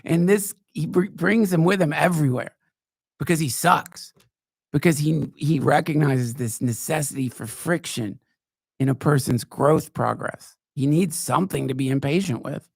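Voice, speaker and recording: A man hosting a podcast, telling rambling, profane stories in a wry, casual way, now and then jumping into high mocking voices. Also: normal speed, vocal fry, husky, no room sound, clean studio sound. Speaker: podcast host. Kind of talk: casual storytelling monologue. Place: live show.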